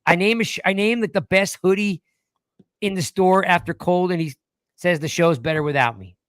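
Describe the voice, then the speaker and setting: A fairly high-voiced man in his forties hosts a relaxed live-stream chat. He rambles, jokes and restarts his sentences often. The sound is close and dry. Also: normal speed, clean tone, dry recording. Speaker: podcast host.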